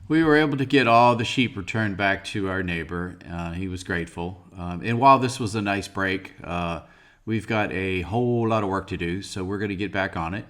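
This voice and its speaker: A man narrating his home renovation vlog in a relaxed, chatty voice-over, with lots of filler words and light jokes. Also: low-pitched, moderate pace.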